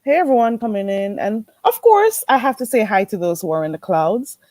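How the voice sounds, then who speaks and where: A woman hosting a casual livestream, greeting viewers in a playful, animated way and laughing often. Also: medium pitch, fairly quick, dry recording. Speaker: livestream host.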